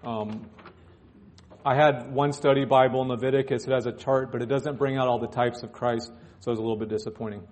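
A man's voice: mid-range voice, fairly even intonation, brisk, a little mellow. A male pastor preaching in church, reading scripture aloud and breaking off into joking asides. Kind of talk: sermon.

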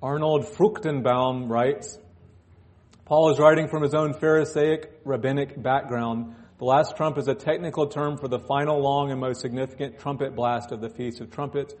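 A man's voice: mid-range voice, steady tone, moderate pace, a little mellow. Man preaching with joking asides. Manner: joking asides between scripture readings. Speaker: pastor. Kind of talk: sermon. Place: church.

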